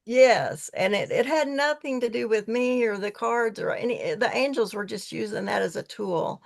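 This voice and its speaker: Gravelly-voiced woman telling earnest stories. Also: on the high side, lively intonation, normal speed. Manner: earnest, rambling, with frequent restarts. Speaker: podcast guest, tea leaf reader. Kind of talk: casual storytelling conversation.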